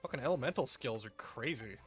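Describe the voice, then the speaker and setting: A man's voice: mid-range voice, lively intonation, fairly quick, a bit bright, breathy edge, faint music behind. A man streaming a game, chatting casually with crude jokes and rambling asides. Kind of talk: casual gameplay commentary.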